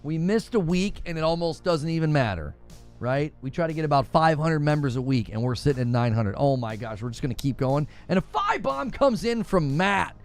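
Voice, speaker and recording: A man's voice: on the high side, lively intonation, fairly quick, faint music behind. A man, hosting a gaming livestream, joking with his chat and laughing often. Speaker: gaming channel host.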